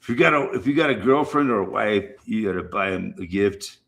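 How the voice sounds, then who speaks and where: A man's voice: on the low side, expressive, brisk, gravelly, a bit bright. A middle-aged man chatting casually and rambling to his stream viewers, swearing freely and repeating himself. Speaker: livestream host.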